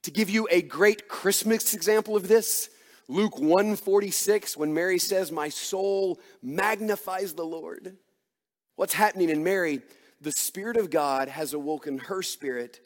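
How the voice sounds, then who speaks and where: Male pastor, fairly high voice, earnest emphatic sermon delivery, long church-hall reverb. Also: normal speed. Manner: earnest, emphatic preaching with rhetorical questions.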